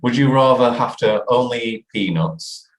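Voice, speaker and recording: A man's voice: mid-range voice, normal speed. A man hosting a casual podcast, laughing easily and posing questions. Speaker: podcast host. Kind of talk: casual chat. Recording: echoey room.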